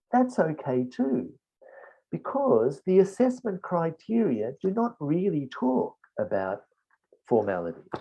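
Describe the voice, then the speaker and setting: A middle-aged man with an Australian accent, answering test questions in a teaching webinar and explaining slowly with strong emphasis. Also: medium pitch, mellow, breathy edge. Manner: slow, deliberate explanation with emphatic stresses. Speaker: IELTS expert answering questions. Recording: dull lo-fi webinar audio.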